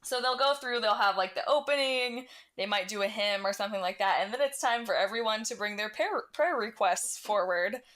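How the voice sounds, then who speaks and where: A woman co-hosting a comedy podcast, telling stories in an animated, profane, casual way. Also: mid-range voice, brisk, few pauses. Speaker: podcast co-host.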